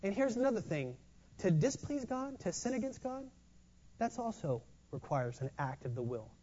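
Preacher mid-sermon, animated, stumbling repeats, muffled lo-fi sound. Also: mid-range voice, moderate pace, husky. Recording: dull lo-fi recording.

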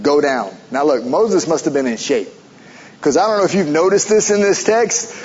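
A man preaching a sermon, animated, dropping to a hushed low voice when speaking for God. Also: husky, muffled recording. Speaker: pastor.

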